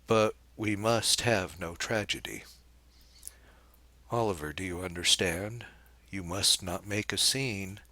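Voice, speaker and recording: A man reading the part of a poised young woman who speaks lightly, with a gentle mocking edge. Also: sits low, slow pace, no room sound, heavily acted. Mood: cool, mocking.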